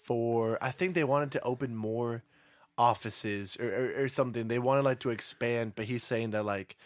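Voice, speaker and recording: A man's voice: medium pitch, normal speed, no room sound. A young man co-hosting a casual podcast chat, easygoing and enthusiastic with slangy talk and lots of fillers. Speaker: podcast co-host.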